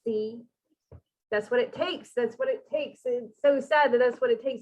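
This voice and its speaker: A woman co-hosting a live stream, reflecting softly and slowly on viewers' comments. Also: a little high, dull audio. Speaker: channeler co-host.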